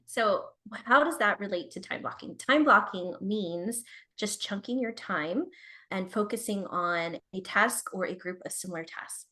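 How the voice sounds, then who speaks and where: A woman's voice: mid-range voice, a little slow, pushed and bright. Chatty woman consultant telling her story. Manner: chatty, addresses listeners directly, frequent "like". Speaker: productivity consultant guest. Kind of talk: candid personal storytelling.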